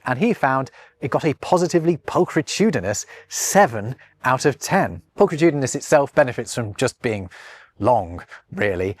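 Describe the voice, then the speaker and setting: Lively wry British man explaining words. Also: mid-range voice. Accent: British English. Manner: playful, wry, bouncy emphasis on words. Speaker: language video host. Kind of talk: scripted educational narration.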